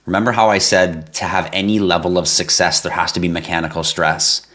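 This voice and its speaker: A man hosting a live stream, reading viewer comments in a casual, animated way, laughing and swearing now and then. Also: brisk. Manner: animated, laughs and swears, jumps to high yelps for effect. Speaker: livestream host.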